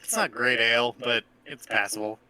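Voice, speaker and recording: A man's voice: mid-range voice, normal speed, sharp tone. A man narrating as game master of a tabletop game, laughing often and swearing freely.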